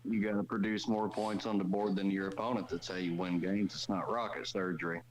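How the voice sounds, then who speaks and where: A man with a very low voice rambles bluntly on a call-in show and swears now and then. A faint hum sits under him. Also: little pitch movement, fairly quick, low-quality recording. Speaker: caller. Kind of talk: casual call-in chat.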